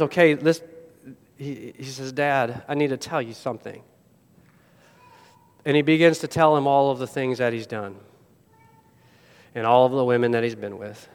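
Male pastor preaching, high smooth voice, big echoey church, goes loud then real quiet. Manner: dramatic storytelling, swings from loud to hushed. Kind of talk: sermon. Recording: long hall reverb.

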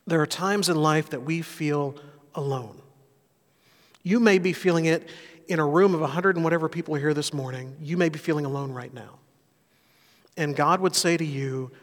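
A middle-aged pastor preaching a sermon, telling a personal story in an earnest way. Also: male voice, on the high side, fairly even intonation, normal speed. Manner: earnest storytelling, rising and softening for emphasis. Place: church sanctuary. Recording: reverberant church hall.

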